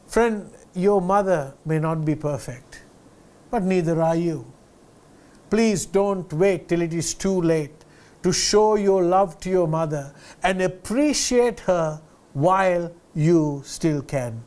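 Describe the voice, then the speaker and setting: High-voiced earnest male storyteller. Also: takes it slowly, darkish tone. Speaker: host.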